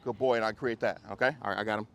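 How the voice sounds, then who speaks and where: A man teaching a dog training class outdoors, coaching owners and breaking into high, excited praise for the dogs. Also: very fast, creaky. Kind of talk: hands-on group class instruction.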